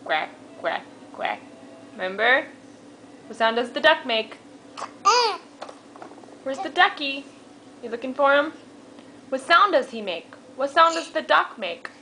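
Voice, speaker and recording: A woman's voice: high-pitched, animated, unhurried, pauses often, pushed and bright, a little hiss or hum, low-quality recording. A woman at home talking sing-song baby talk to a toddler, patiently coaxing and repeating her questions. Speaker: parent teaching a toddler.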